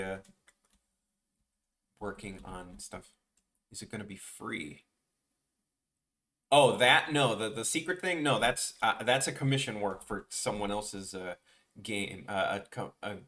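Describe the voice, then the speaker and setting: This young art streamer, who has a Chicago accent, rambles through a casual chat with viewers while drawing on stream, with lots of restarts. His lowish voice comes across pushed and bright.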